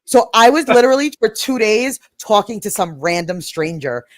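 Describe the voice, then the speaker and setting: A woman from New York hosting a livestream, telling a story in a casual, animated way and swearing freely. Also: medium pitch, moderate pace, dry recording. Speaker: livestream host.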